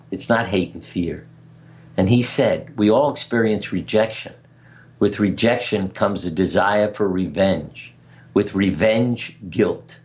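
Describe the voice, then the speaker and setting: An older man talking as a radio guest, telling stories in an earnest, anecdotal way and chuckling at his own tales. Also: sits low. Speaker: guest speaker. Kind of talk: conversational storytelling interview. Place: radio interview.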